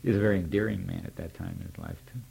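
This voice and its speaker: Older man, deep husky voice, candid and wry, tells anecdotes about a mentor. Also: huge pitch swings, racing, mellow. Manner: candid, wry storyteller who acts out remembered dialogue. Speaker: poet recalling a mentor. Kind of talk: reflective spoken reminiscence.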